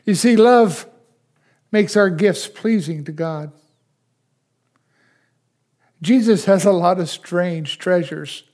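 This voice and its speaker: Older guy preaching slow, lots of questions, goes quiet then loud again, kinda high voice. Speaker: pastor. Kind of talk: sermon.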